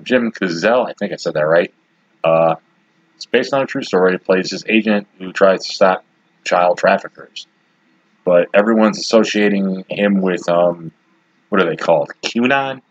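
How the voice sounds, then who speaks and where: A man's voice: deep voice, breathy edge, dry recording, muffled recording. A man in his forties from Detroit, hosting his own podcast and rambling bluntly through his opinions with lots of asides, a bit hiccupy. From Detroit, USA. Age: 40s. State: has the hiccups. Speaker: podcast host. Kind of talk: casual solo commentary.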